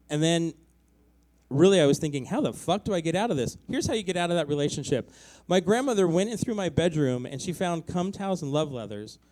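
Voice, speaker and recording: Rambling gay stand-up comic, mellow voice. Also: male voice, fairly high pitch, rough recording. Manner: conversational storytelling with many likes and ums. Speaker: stand-up comedian. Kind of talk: stand-up comedy set. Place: small live comedy venue.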